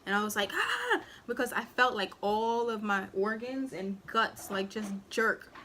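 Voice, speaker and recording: A woman's voice: mid-range voice, steady tone, moderate pace, bright, forceful tone, a little hiss or hum. Chatty young woman telling a story. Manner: chatty, rambling, filler-heavy, acts out quotes. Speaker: vlogger and new mother. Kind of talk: casual storytime while eating.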